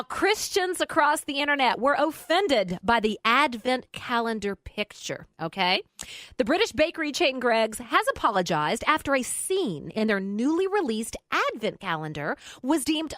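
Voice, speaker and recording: A woman with a fairly high, bright, sing-song voice speaks at a moderate pace in studio-quality audio with no room sound. Co-hosting a casual talk radio show, she chats and reads listener posts aloud, adding her own asides.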